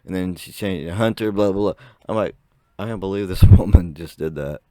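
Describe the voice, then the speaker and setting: Low-voiced man whose voice still cracks. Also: fairly quick, warm tone, dry recording. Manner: chatty, rambling, laughs often. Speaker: vlogger. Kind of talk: casual storytelling to camera.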